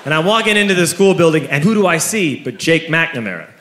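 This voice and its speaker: A man in his thirties telling a stand-up story to a live audience, animated and shouting his punchlines. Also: fairly high pitch, quick pace. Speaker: stand-up comedian. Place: comedy venue with a live audience. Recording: echoey room, crowd laughter, background noise.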